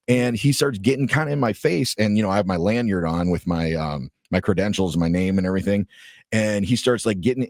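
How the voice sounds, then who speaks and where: A man's voice: fairly low pitch, no echo, clean studio sound. A man co-hosting a podcast, telling a story casually and animatedly, swearing freely and acting out what people said. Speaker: podcast co-host.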